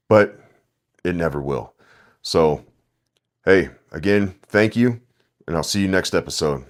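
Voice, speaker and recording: A man's voice: deep voice, a little slow, pauses often. A young man hosting a podcast, telling delivery-driver stories in a rambling, heavily profane casual monologue.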